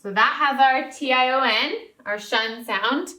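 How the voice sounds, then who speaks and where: Slow, bright-voiced woman teaching spelling. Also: high voice. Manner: slow, patient, encouraging, checks in with "okay?". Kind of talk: recorded spelling lesson for young students. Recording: roomy echo.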